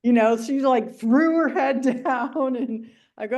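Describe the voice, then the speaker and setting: A woman's voice: fairly high pitch, unhurried, hardly any pauses. A woman group member talking casually on a video call about working with her horse. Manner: relaxed, chatty, laughs as she talks.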